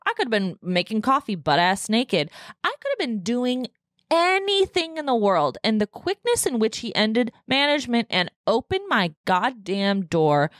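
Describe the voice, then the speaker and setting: Fired-up woman ranting, lively swoops. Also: fairly high pitch, normal speed, no echo, clean studio sound. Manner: profane, fired-up venting. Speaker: podcast host. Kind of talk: casual solo rant. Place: home podcast room.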